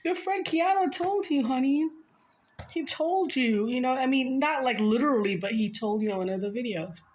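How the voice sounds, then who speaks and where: A woman's voice: sits high, moderate pace, darkish tone, lightly acted. A woman putting on the voice of Jesus as a teasing, fatherly man who scolds her playfully and calls her honey and girl. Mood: chiding.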